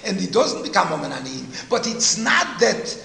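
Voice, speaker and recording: A man with a high, lively voice teaching Talmud in a sing-song lecture style, going over each point twice and slipping Hebrew and Aramaic terms into his English. His voice has a gravelly rasp, and it rings in a large, echoey hall with a faint hum behind it. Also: moderate pace. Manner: explains step by step, repeating key phrases.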